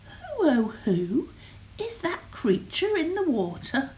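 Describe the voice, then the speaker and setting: A woman voicing a gentle, timid young male tyrannosaurus in a children's storybook, in a high plaintive voice. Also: huge pitch swings, takes it slowly, full character voice. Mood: wondering.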